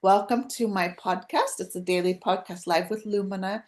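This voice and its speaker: A woman's voice: medium pitch, steady tone, normal speed, hardly any pauses, a little mellow. A woman hosting a live spiritual podcast over a video call, talking casually in a rambling, chatty way with frequent restarts. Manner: rambling, chatty, self-interrupting with laughs. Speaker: podcast host.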